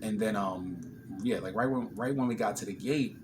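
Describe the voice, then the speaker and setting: A man's voice: on the low side, normal speed, noisy background. A man vlogging, casually telling an emotional story and retelling a conversation line by line. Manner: emotional, retelling a conversation with quoted back-and-forth.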